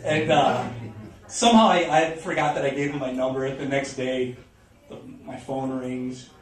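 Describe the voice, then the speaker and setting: A man's voice: mid-range voice, fairly even intonation, moderate pace. A young man doing stand-up, telling a rambling story full of swearing and laughing through his punchlines. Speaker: stand-up comedian. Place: comedy club stage. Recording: roomy, distant mic, audience noise. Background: audience in a club.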